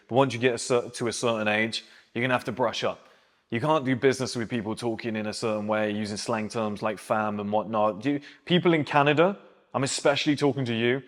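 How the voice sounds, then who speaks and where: A man in his thirties giving blunt, opinionated advice straight to his viewers as a men's self-improvement host. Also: mid-range voice. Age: 30s. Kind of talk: advice monologue to camera. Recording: long echoing reverb.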